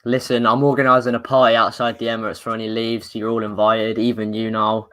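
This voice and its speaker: A man's voice: fairly low pitch, monotone, fast talker, fairly bright tone, clear, resonant tone. A man on a football chat panel who talks in a sarcastic, joking way.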